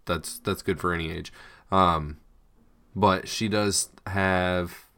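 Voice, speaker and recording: A man's voice: low voice, steady tone, slow pace, sharp tone. A man co-hosting a podcast in casual chat, rambling with lots of fillers and restarts. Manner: rambling, hesitant with many fillers. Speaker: podcast co-host.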